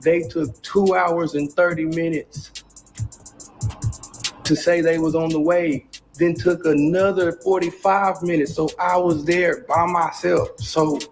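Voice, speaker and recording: A man's voice: a little high, flat delivery, takes it slowly, faint music behind, rough recording. A man telling a distressing personal story in a casual, agitated way, in a clip played on the stream. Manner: agitated, retelling a distressing event.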